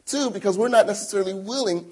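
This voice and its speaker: A male pastor preaching a sermon, telling stories with sudden loud emphatic bursts and quiet asides. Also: sits high, fast talker, slightly rough.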